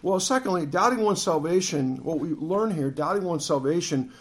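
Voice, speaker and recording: Earnest man preaching, fairly high voice. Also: animated, normal speed. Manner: earnest, reads scripture aloud, frequent restarts. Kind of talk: expository sermon.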